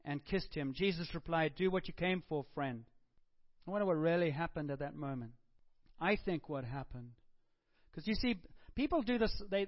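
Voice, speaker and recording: A man preaching a sermon, dropping to a hush and then rising to emphatic, acted-out quotes. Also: fairly high pitch, no echo. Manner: swings between hushed and emphatic, acts out quotes. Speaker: pastor. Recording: muffled dull recording.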